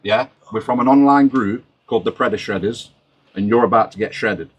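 A man's voice: fairly low pitch, brisk, lo-fi sound, background noise. A man, confronting and accusing someone outdoors in an aggressive, sweary way. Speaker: lead confronter in a sting. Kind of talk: heated street confrontation.

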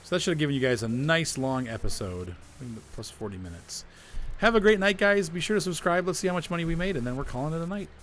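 A man's voice: a little high, animated, fast, few pauses, slight background noise. A man hosting a casual gameplay video, chatting and grumbling about game glitches as he plays. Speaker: gaming video host.

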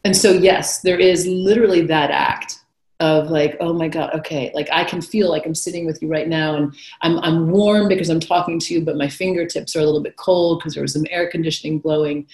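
Woman, low voice, reflective interview guest, animated retellings easing into soft near-whispers, roomy echoey sound. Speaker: guest author. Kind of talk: conversational interview talk. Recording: echoey room.

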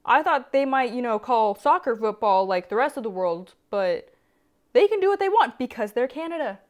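A young American woman chatting playfully as a vlogger on a lapel mic, reading some history aloud quickly. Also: a little high, big pitch swings. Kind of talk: casual vlog narration.

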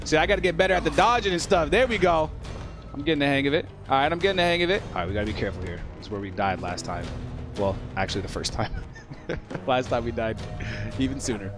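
This gaming channel host talks quickly at a medium pitch, with game music running beneath him. He narrates his let's play in an excitable, jokey way, often addressing the characters directly.

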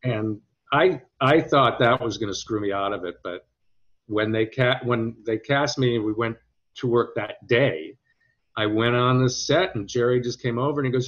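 Actor guest telling stories, lo-fi sound. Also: male voice, mid-range voice, moderate pace. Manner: storytelling, hesitant restarts, quotes others in lively voices. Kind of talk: conversational interview. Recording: dull lo-fi audio.

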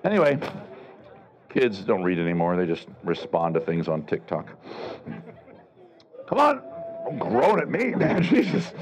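A middle-aged male street comedian holds court at an outdoor fair, his voice swinging widely up and down as he ribs the crowd. His delivery is sarcastic and teasing, and he barks loudly to pull passers-by over to his stage. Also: deep voice, sing-song, normal speed, low-quality recording. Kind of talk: live outdoor comedy show with crowd banter.

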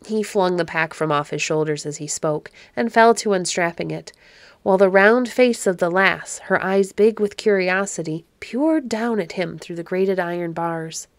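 A woman reading a classic storybook aloud as narrator, measured and expressive. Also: lowish voice, no room sound.

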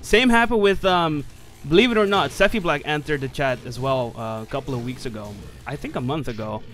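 A man giving casual live commentary while playing an online fighting game, excitable, swearing and laughing often, with sudden yelps. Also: a little high, brisk, soft background music.

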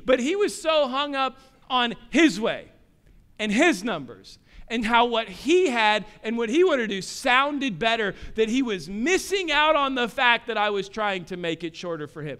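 Male pastor preaching hard, pretty high voice, really smooth tone, goes quiet then big. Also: very animated, normal speed. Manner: impassioned preaching with rhetorical questions; swings between soft low asides and loud emphatic rises. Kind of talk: sermon.

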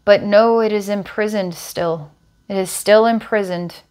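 A woman working as a psychic healer, calmly describing visions during a guided healing session. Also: medium pitch, a little slow. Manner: calm, descriptive, storytelling visions.

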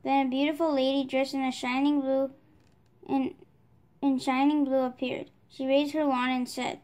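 A woman reading a children's storybook aloud, steady, with small restarts. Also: high-pitched, moderate pace. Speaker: storybook reader.

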